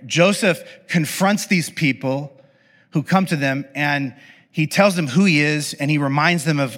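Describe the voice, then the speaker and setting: A man preaching a conversational, animated sermon with casual asides to his listeners. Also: a little high. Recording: long hall reverb.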